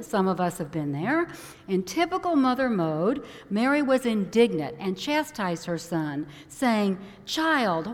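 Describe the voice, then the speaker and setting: A woman minister giving a conversational sermon, growing animated when she acts out a worried parent. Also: medium pitch. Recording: long hall reverb.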